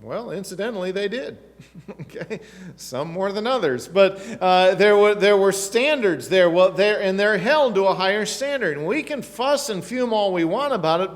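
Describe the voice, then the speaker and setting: A man's voice: sits high, animated, normal speed. A middle-aged man, preaching a sermon as pastor with emphatic rhetorical questions and asides. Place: church sanctuary. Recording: long church reverb.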